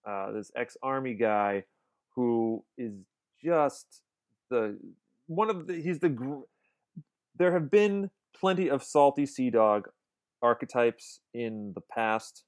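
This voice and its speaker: A man's voice: mid-range voice, takes it slowly. Enthusiastic man talking about movies. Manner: enthusiastic, rambling with restarts. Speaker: podcast co-host. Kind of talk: casual film discussion.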